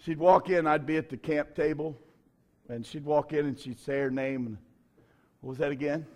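A man's voice: on the high side, steady tone, normal speed, darkish tone. A middle-aged man, a pastor, preaching a sermon with folksy stories and bursts of fervor.

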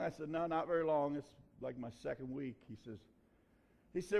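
Pastor guy preaching, folksy and chatty, voice a bit on the high side. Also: a little fast, vocal fry. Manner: folksy, conversational preaching with dialect grammar. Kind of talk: sermon with personal story.

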